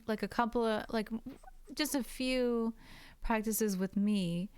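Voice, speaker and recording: A woman's voice: medium pitch, a little mellow, smooth, no room sound. An American woman, a French teacher, chatting casually to her stream viewers while drawing, swearing freely, filling her talk with "like" and laughing often. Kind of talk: casual livestream chat to viewers. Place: indoors at a computer.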